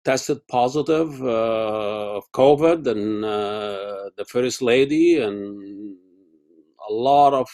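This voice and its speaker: A man hosting a casual interview over a video call, talking haltingly with many fillers and restarts. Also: lowish voice, darkish tone. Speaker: interview host.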